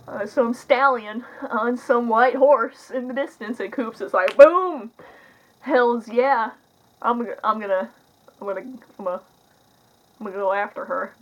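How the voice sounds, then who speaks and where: A woman's voice: mid-range voice, muffled recording. A young woman casually reviewing a movie, rambling and sarcastic, with lots of filler words.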